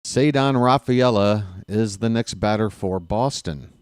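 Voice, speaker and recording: A man's voice: lowish voice, unhurried, dry recording, clean studio sound. A man with a Baltimore accent doing solo play-by-play for a baseball game, openly rooting for his team. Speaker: play-by-play announcer.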